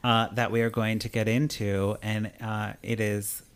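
A man hosting a podcast, chatting casually in a quick, animated way. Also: on the low side, clean tone. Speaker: podcast host. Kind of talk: casual chat.

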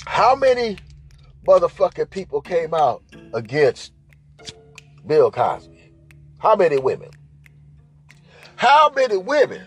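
A man hosts a profane, rambling comedy rant, forever checking in with "right?" His voice sits high and swings animatedly. Faint music plays behind him. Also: very animated, slow, long pauses. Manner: crude, rambling, repeats "right?". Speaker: podcast host.

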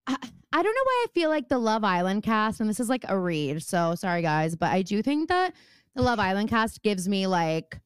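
A woman's voice: medium pitch, sing-song, moderate pace, smooth, no echo, studio quality. A young adult woman hosting a podcast, chatting casually with lots of fillers and laughing asides. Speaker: podcast host. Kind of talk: casual chat.

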